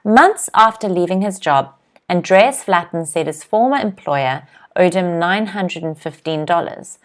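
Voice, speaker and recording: Young female English teacher, slightly low voice, patient, clear pronunciation drills, reads viewer comments. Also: lively intonation. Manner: clear, slow word-by-word pronunciation drills with frequent "okay?" checks; reads viewers' comments aloud and laughs lightly. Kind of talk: live online vocabulary lesson.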